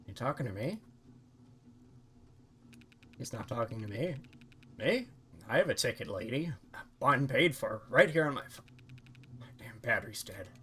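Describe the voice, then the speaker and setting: A gruff, irritable man, as a woman puts him on snaps back rudely and combatively. His tone is rough and impatient. A faint noise floor sits behind. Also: very deep voice, animated, normal speed, long pauses, a bit bright. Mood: irritated. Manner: rude, combative.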